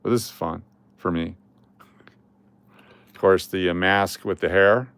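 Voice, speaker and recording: Smooth-voiced man chatting casually and joking. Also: low voice, fairly even intonation, measured pace, a bit bright, no echo. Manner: rambling and joking, with chuckles and trailing restarts. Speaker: coin collecting channel host. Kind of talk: casual vlog chat while scrolling through photos.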